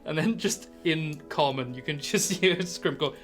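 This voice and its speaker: British man, dungeon master, bright tone, slightly high voice, laughing narration. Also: normal speed, faint music behind. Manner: laughs through his own narration. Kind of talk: narrating a tabletop game.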